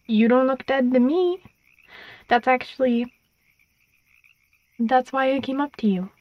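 A woman voicing a gentle little ghost girl who speaks softly and plainly. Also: sits high, fairly even intonation, measured pace, no room sound, lo-fi sound.

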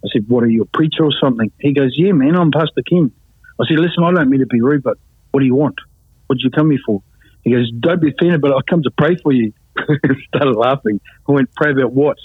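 A man's voice: medium pitch, quick pace, slightly rough, no room sound. Man telling a story over a tinny line. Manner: animated, acts out voices, laughs often. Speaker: guest telling his testimony. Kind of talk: casual storytelling. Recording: tinny phone-like line, dry.

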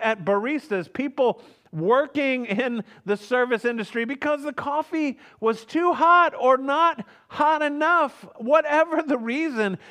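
High-voiced man telling a story. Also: a bit bright. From Houston, Texas. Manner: earnest, with frequent restarts and short laughs. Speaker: speaker telling a personal story. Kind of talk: conversational storytelling monologue.

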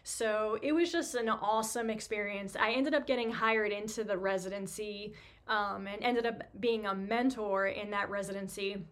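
A woman's voice: mid-range voice, steady tone, normal speed. New lady in her 30s, podcast host rambling through a story, lots of um and like, pokes fun at herself. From New York. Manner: chatty, self-deprecating, lots of fillers. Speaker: podcast host, physical therapist. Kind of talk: casual storytelling monologue.

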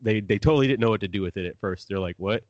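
Low-voiced male podcast host, dry close sound; loose, rambling, profane chat. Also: very fast, darkish tone, no echo, dull audio. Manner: rambling, swears freely, laughs at his own stories. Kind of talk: casual chat.

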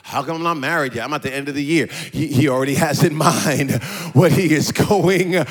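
A middle-aged man preaches from a church stage with a fairly high voice. He swings into a chanting, sing-song cadence and climbs to shouts. Between points he drops into joking asides and laughs. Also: moderate pace, breathy edge. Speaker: pastor. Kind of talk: sermon.

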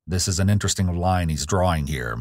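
A man narrating and commenting on a crime case in a measured, judging way, as podcast host. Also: sits low, no room sound, studio quality.

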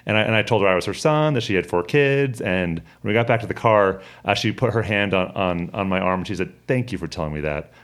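Gentle, very deep-voiced male host. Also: a little fast, hardly any pauses. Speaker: podcast co-host. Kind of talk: conversational interview.

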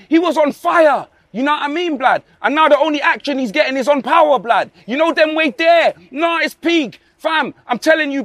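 Young man, comic rant full of slang, high and dry. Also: a bit bright, no echo. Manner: heavy street slang, mocking. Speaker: comedic fan ranting.

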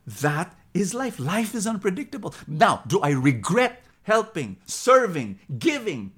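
A man's voice: sits high, a little slow, slightly rough. A man with a Filipino accent preaching a sermon, telling a story and repeating points for emphasis. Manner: animated, repetitive, emphatic, laughs easily.

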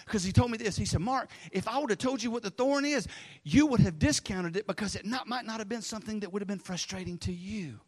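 A middle-aged pastor, preaching in a rambling, animated storytelling manner that drops low for asides. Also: male voice, fast, slightly rough. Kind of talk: sermon. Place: church sanctuary. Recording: long reverb of a large hall.

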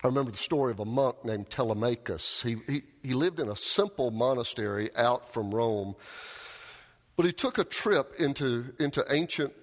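A man preaching a sermon, telling a story with raised cries and quiet, low emphasis. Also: expressive, normal speed. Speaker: pastor. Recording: long hall reverb.

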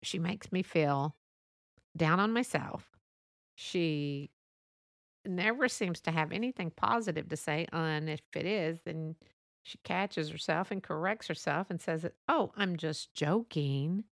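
A woman's voice: low voice, a little slow, vocal fry, a bit bright, no room sound, clean studio sound. A woman vlogger talking casually to camera, chatty and laughing often as she acts out what friends say. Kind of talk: casual monologue.

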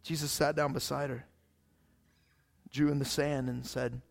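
A man's voice: medium pitch, little pitch movement, measured pace, vocal fry, soft background music. A male pastor preaching a sermon in a casual, fired-up way, often saying "man".

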